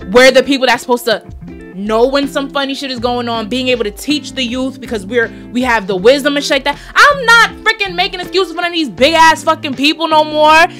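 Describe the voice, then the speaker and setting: Brief: twenties New York woman, podcast host, blunt and profane, sharp bright tone, faint music under her. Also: sits high. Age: 20s. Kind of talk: blunt motivational monologue.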